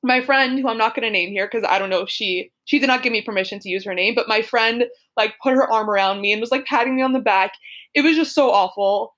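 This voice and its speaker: A young woman with a fairly high voice tells a story on her podcast. She chats casually and giggles often, peppering her talk with "like" and "super". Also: quick pace, a bit bright. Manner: chatty, giggly, lots of "like" and "super". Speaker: podcast co-host. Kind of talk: casual chat, telling a personal story.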